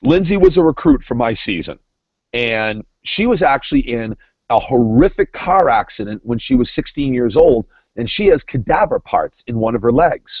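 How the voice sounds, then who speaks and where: A man's voice: medium pitch, lively intonation, moderate pace, dry recording. A middle-aged man, a former reality show contestant, chatting as a podcast guest over the phone in an emphatic way, often repeating words. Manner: emphatic, repeats words while building points. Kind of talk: casual podcast chat. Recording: tinny dry phone line.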